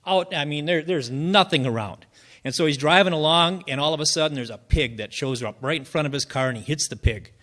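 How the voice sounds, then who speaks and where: Folksy open-mic joke teller, a man with a slightly high voice who rambles through setups. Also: fairly quick, fairly bright tone. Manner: folksy, rambling storytelling with fillers. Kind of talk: telling jokes at an open mic.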